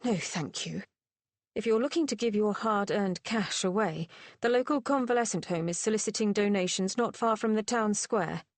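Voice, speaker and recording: A woman's voice: medium pitch, moderate pace, no room sound, close to an everyday voice. A woman voicing a proper young lady who is polite and frosty.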